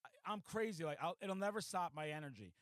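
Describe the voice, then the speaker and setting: A man with a high-pitched voice hosts a casual podcast, tearing through stories with profane excitement. His voice sounds dry and close, with no room echo. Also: fairly quick. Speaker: podcast host. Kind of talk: casual chat.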